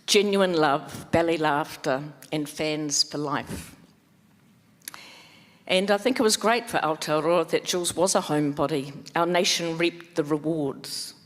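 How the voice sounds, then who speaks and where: A speaker delivers a heartfelt memorial tribute in a measured voice, with soft pauses. The voice carries through a PA into a large events hall. A long reverb trails every phrase. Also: mid-range voice. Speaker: former manager giving a tribute. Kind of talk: memorial speech.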